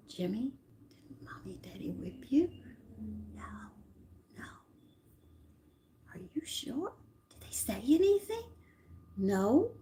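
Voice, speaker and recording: An older woman telling family stories from her childhood in a rambling, animated way, often stopping to correct herself. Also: mid-range voice. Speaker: channel host. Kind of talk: personal storytelling.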